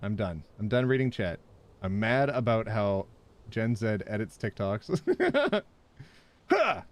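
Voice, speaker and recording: A man with a lowish voice live-streams a game at a measured pace, chatting with viewers. He is animated, yelping and laughing as he plays.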